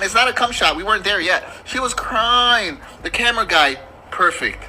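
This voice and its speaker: A man tells a stand-up story in a bright, high voice that leaps up and down. He is animated and mock-pleading, laughing as he goes, with faint noise behind him. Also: quick pace, few pauses. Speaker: comedian.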